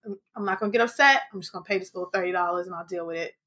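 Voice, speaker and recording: A woman hosting a podcast, telling a story in casual, animated chat, swearing freely and acting out what people said. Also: fairly low pitch, very fast, breathy edge. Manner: animated, swearing, acts out quotes. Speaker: podcast host.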